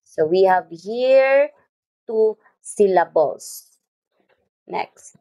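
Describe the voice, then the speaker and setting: A woman's voice: mid-range voice, lively intonation, extremely slow, dark tone, poor audio. A woman teacher giving a phonics lesson in English, repeating each word and spelling out its syllables.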